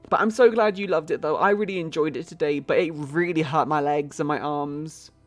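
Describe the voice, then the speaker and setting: A woman's voice: sits low, a little fast, soft background music. A British woman streaming a life-sim game, chatting casually, thinking aloud and greeting viewers in her chat. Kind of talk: casual gameplay commentary.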